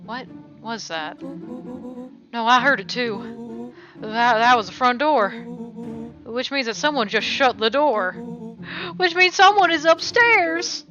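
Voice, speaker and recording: A woman streamer playing a game live, joking and reading characters' lines aloud in an animated way. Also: fairly high pitch, slow, long pauses. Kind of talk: livestreamed game playthrough, reading dialogue aloud. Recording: slightly dull stream audio. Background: game music.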